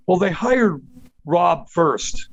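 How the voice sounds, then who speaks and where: An older man from Canada tells rambling stories in an interview, swearing freely and acting out what others said. His voice sits a little high for a man. He talks at an unhurried, drawn-out pace. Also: creaky, dull audio. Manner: profane, animated, acts out quotes with laughs. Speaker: guest musician. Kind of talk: casual storytelling interview.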